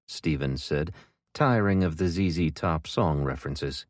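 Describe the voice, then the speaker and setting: A man reading an audiobook in a steady, even narration. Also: very deep voice, moderate pace, dry recording, clean studio sound. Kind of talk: scripted narration.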